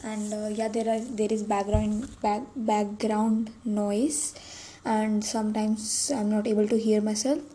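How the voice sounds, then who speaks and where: A woman's voice: mid-range voice, level tone, unhurried, dark tone, rough recording. A young adult woman hosting a solo podcast, rambling and self-deprecating with many restarts. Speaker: podcast host. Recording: faint background noise.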